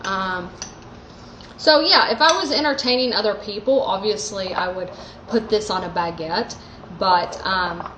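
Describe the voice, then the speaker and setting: Slow-talking woman cooking at home. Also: mid-range voice, fairly bright tone, roomy sound, slight background noise, low-quality recording. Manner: chatty, lots of likes and ums. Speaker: host. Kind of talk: casual cooking demo. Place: home kitchen. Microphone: phone live stream.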